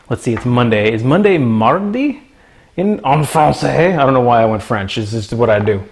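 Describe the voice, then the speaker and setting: A man's voice: medium pitch, sing-song, moderate pace, creaky, husky. A young man from Florida hosting a casual cooking livestream from his home kitchen, joking with his chat and reading out their names. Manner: jokey, talks to chat, reads out names.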